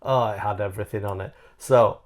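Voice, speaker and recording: A man's voice: fairly low pitch, steady tone, brisk. A man co-hosting a podcast, chatting casually and rambling through stories, laughing at his own jokes. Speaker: podcast co-host. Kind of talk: casual chat.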